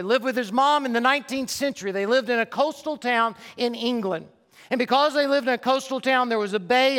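A man preaching in a church auditorium, his high, bright voice carrying a long reverb through the hall. He tells stories with urgency, then drops soft and low as he pleads. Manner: impassioned storytelling, dropping soft and low for the altar call. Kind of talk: sermon.

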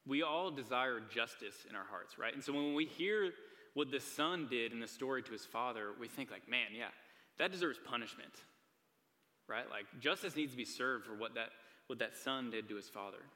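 A man's voice: mid-range voice, fairly quick, pushed and bright. A young man preaching a sermon to a live audience in a church hall, earnest and casual, with frequent "like" and "right?" asides. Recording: long hall reverb.

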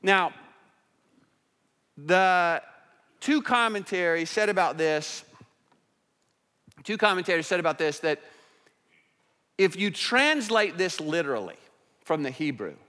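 A male pastor preaching a sermon in church, speaking conversationally and moving from hushed asides to raised emphatic passages. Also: high voice, lively intonation, takes it slowly, pauses often. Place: church sanctuary. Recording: long hall reverb.

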